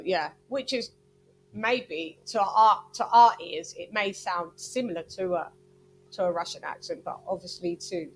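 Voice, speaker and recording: A woman hosting a boxing channel, chatting casually in a wandering way to her livestream viewers. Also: on the low side. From Britain.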